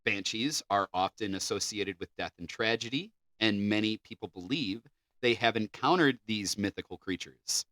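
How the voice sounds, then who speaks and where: A man's voice: lowish voice, normal speed, a bit bright, no room sound. A man co-hosting a podcast, reading facts from notes and then joking around casually. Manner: joking, loose, swears casually. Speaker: podcast co-host.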